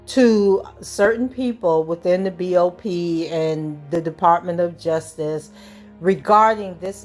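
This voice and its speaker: A woman hosting her own commentary channel, talking in a casual, chatty way with a hoarse allergy-season voice. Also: on the low side, darkish tone. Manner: conversational, chatty with fillers. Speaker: channel host.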